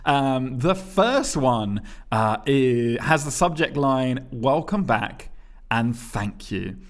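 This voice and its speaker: A man co-hosting a podcast, reading listener emails aloud in casual chat, often laughing, with his pitch jumping around. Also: takes it slowly. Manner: chatty and laughing, reads emails aloud with lively pitch jumps. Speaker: podcast co-host.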